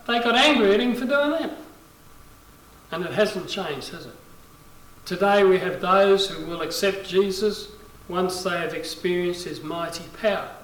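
A male pastor delivers a sermon in a high, bright voice, lifting it sharply when he acts out quoted lines. His voice carries through a roomy space and sounds set back from the microphone. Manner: preaching with dramatic quoted lines, rising loud for emphasis. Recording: roomy echo, voice from a distance.

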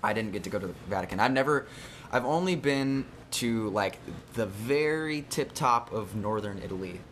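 A young man in casual chat, talking fast and chiming in eagerly. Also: fairly low pitch, expressive, a bit bright, slight background noise.

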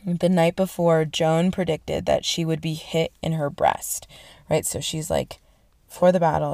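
A young woman, her voice sitting a little low, tells a history story casually and excitedly. She swears freely and fills her talk with "like" and "right?". The sound is dry and close. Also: a little slow, gravelly, no echo. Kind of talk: casual profane history retelling.

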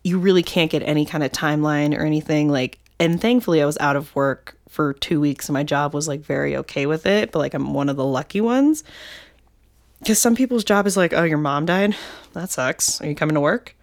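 Low-voiced woman podcast co-host. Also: fairly quick, darkish tone. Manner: candid, emotional, many fillers. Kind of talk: casual podcast chat.

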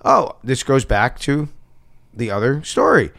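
Animated man telling showbiz stories. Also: mid-range voice, measured pace, vocal fry, dry recording, clean studio sound. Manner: animated storyteller, laughing often. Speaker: actor guest. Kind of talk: casual podcast chat.

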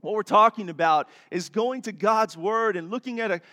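A man's voice: sits high, normal speed, bright, forceful tone. A man preaching to his church congregation, folksy and chatty, with friendly asides to the audience. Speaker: pastor. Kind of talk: sermon with jokes. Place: church sanctuary. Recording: long church reverb.

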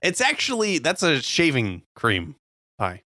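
A man with a bright, forward voice bantering on a food podcast, his pitch bouncing around as he reads trivia and tosses in silly asides. The sound is close and dry, with no room around it. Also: wildly swooping pitch, measured pace, no room sound. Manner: playful, laughs often, reads facts with jokey asides. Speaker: podcast co-host. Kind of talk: casual comedic chat.

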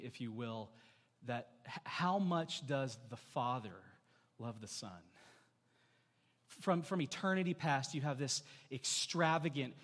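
A man's voice: medium pitch, a bit bright, big-room sound. A man in his thirties preaching a sermon as pastor, earnest, often restarting with repeated words and putting questions to the congregation.

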